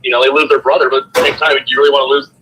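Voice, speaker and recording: A man's voice: mid-range voice, level tone, racing, bright, forceful tone, slight background noise, rough recording. A man talking casually in a private conversation, rambling with lots of fillers and repeated words. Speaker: friend in a recorded private call.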